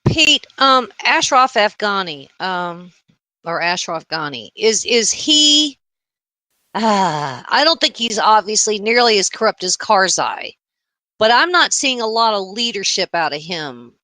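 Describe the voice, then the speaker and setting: Lady radio host, slow and halting, lots of ums, bright voice. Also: medium pitch, very animated, no echo. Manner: halting, many fillers while framing questions. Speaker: radio talk show host. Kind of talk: talk radio interview.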